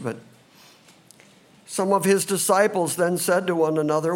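A man preaching a sermon as a pastor, animated and expressive, sometimes acting out confused voices from the passage. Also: on the high side, unhurried.

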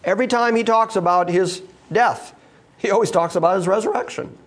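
A man's voice: high-pitched, a little fast. A man preaching a sermon to a live congregation, emphatic and full of rhetorical questions put to the listeners. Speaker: pastor.

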